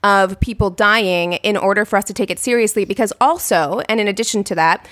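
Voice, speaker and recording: A woman co-host talks in a measured, thoughtful way and speaks straight to her listeners. Her voice is mid-pitched and sounds close and dry, with no room echo. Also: a bit bright. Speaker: podcast co-host. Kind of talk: podcast discussion.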